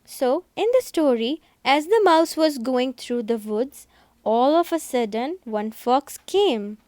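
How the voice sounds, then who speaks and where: A woman teacher giving a recorded English lesson to young pupils, speaking slowly and repeating herself to explain each step. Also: high voice, animated, dark tone, dry recording. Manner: slow, repetitive, explaining step by step.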